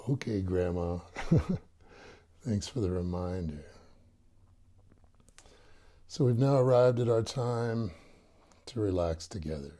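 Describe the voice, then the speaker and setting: A man guides a meditation session in a calm, soft-spoken way, slipping in gentle humor. His voice is lowish and mellow with a husky, breathy edge. He speaks very slowly and deliberately. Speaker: meditation teacher.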